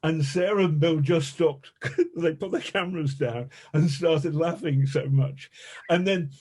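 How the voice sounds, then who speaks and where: A man, a journalist, telling a lively, self-mocking anecdote as a podcast guest, with a lot of swearing. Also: fairly high pitch, unhurried, slightly rough. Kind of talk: anecdotal storytelling.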